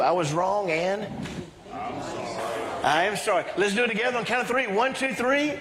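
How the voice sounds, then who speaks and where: A middle-aged man preaching a sermon as pastor, leading his congregation in call-and-response and breaking into excited exclamations. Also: high voice, fairly quick, a crowd in the background. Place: church sanctuary. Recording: reverberant church hall with faint ambience.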